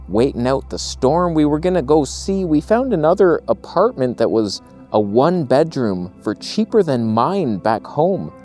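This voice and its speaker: A man's voice: mid-range voice, dark tone. Man, casual vlog, wry and jokey, rambling, outdoors, handheld camera mic, faint music behind. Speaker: vlogger. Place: walking outdoors in a small town.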